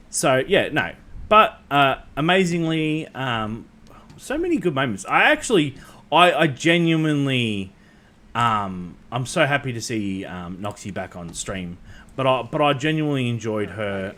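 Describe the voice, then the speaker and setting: A man's voice: medium pitch, a bit bright. A man hosting a casual livestream chat, rambling with many ums and restarts and swearing freely. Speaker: host.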